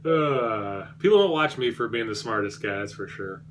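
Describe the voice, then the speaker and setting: A man's voice: lowish voice, expressive, normal speed, fairly bright tone, slight background noise. A man reviewing beer on his vlog, rambling and self-deprecating, with many fillers and restarts.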